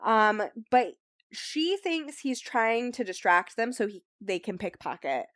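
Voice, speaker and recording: A woman's voice: on the high side, lively intonation, measured pace, a bit bright, no room sound, clean studio sound. A young woman hosting a book club, casually recapping a novel in a chatty way with lots of fillers. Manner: chatty, filler-heavy recap with frequent ums and likes. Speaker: book club host summarizing the book. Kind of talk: casual chat.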